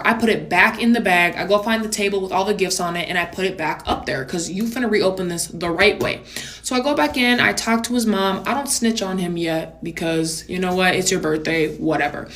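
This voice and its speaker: A young adult woman telling a story in a vlog, animated and blunt, with sassy asides. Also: mid-range voice.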